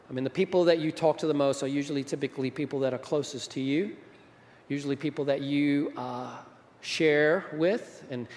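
A pastor with a mid-range, darkish voice delivers a sermon in a conversational way, frequently putting questions to his audience. The long reverb of a large hall surrounds his words.

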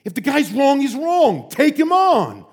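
A man voicing a small older male professor who talks in a blunt, gruff tough-guy manner. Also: extremely high pitch, wildly swooping pitch, measured pace, voice pushed up, exaggerated voice.

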